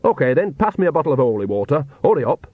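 A man's voice: a little high, big pitch swings, fast, no room sound, phone-quality sound, pitched above the performer's own voice. A man voicing an earthy, cheerful old witch who talks plainly and chattily. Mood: bossy earthy.

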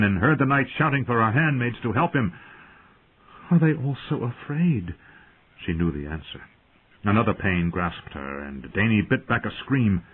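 A man reading a fantasy audiobook in a dramatic, lively narrating style over tinny phone-like audio. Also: on the low side, slightly rough.

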